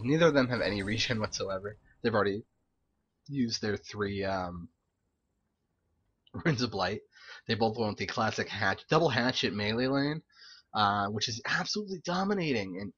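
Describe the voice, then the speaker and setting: A young man giving casual, animated live-stream commentary on game replays, swearing, laughing and throwing in quick asides. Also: fairly low pitch, husky. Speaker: game caster reviewing replays.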